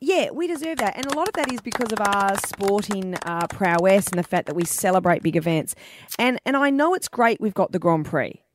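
Woman, radio co-host, chatty, laughs a lot, mid pitch, dry close studio sound. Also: very animated, brisk, hardly any pauses, no room sound. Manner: chatty, laughs often, rambling restarts. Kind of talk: breakfast radio banter. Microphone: studio microphone.

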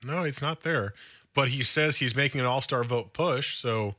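A man co-hosting a sports radio show in a studio, excitable and quick to laugh. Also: medium pitch, dry recording. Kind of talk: casual sports radio banter. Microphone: studio mic.

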